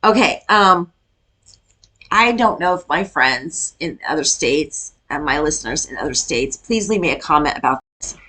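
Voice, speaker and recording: A woman's voice: sits low, animated, moderate pace, bright, forceful tone, husky. A middle-aged woman from Iowa, chatting casually as she reacts to a video and rants with laughs. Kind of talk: casual chat reacting to a clip.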